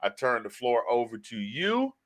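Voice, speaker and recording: A man's voice: mid-range voice, moderate pace, dry recording. A man hosting a sports podcast, telling stories with a lot of feeling and animation in casual talk. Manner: emotional, animated storyteller. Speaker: podcast host.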